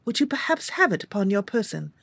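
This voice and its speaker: A woman's voice: big pitch swings, fast, vocal fry, a bit bright, breathy edge, dry recording, exaggerated voice. A woman voicing a courteous, formal noblewoman adventurer who speaks in an old-fashioned way and shrieks when in danger. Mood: courteous, wheedling. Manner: old-fashioned formal speech, shrill screaming when attacked.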